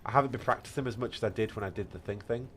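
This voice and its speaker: A man with a British accent chats loosely while he plays, answering viewers with a playful, rambling ease. His voice sits a little low. A faint hiss runs under the recording. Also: very fast, fairly bright tone. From Britain. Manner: chatty and playful, reading chat aloud. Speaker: streamer. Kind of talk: casual chat while gaming.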